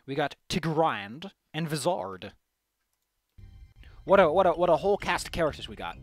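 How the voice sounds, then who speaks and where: A man's voice: a little high, big pitch swings, normal speed, dry recording, soft background music. A man giving casual, sarcastic commentary while streaming a video game and joking with his chat.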